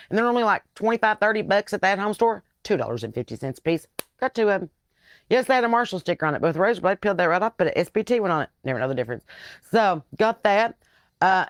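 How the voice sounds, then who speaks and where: A woman with a Southern US accent, a comedian hosting a casual live chat and telling rambling stories, full of lively quoted voices. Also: on the low side, dry recording, studio quality. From American South. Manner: rambling, chatty storytelling with animated quoted voices. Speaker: comedian and podcast host.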